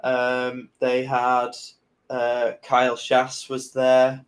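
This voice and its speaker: A man's voice: medium pitch, extremely slow. A man with a mid-range voice hosts a casual podcast. He recounts anecdotes at an easy pace, dotting them with ums and likes. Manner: relaxed storytelling with fillers. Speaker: podcast host.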